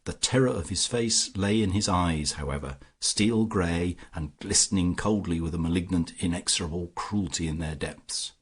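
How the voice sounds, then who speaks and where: A man reading a classic detective story aloud as an audiobook narrator, in a measured first-person telling. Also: low-pitched, breathy edge. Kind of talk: scripted narration.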